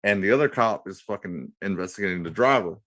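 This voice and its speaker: Fast-talking and low-pitched, this man in his thirties tells a crude, rambling, expletive-heavy story as part of a radio panel. The recording is dry. He's an animated, foul-mouthed raconteur in casual banter mode.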